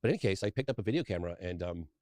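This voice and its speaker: Fast-talking deep-voiced man telling stories. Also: expressive, a little mellow, dry recording, studio quality. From England. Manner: rambling, eager storyteller with frequent restarts. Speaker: documentary filmmaker, interview guest. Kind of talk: long personal storytelling in an interview.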